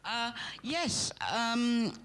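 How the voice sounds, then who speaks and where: A woman's voice: on the high side, drawn-out words, fairly bright tone, clean tone. A woman in the audience asking a question hesitantly. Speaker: audience member.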